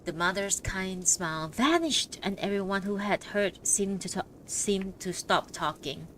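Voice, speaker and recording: Woman audiobook reader: measured, lively pitch, faint background hiss. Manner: measured reading. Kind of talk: audiobook narration.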